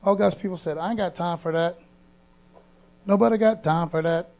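A man's voice: sits high, moderate pace, darkish tone, low-quality recording. A man preaching a sermon as pastor, in a folksy, conversational way, reading scripture with emphasis.

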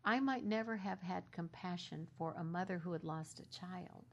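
Middle-aged woman minister, gravelly, earnest testimony, drops to a hush at emotional points. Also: lowish voice, moderate pace, dull audio. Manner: earnest, sinks into a soft half-whisper at tender points. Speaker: minister sharing her story. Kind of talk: heartfelt conversational testimony.

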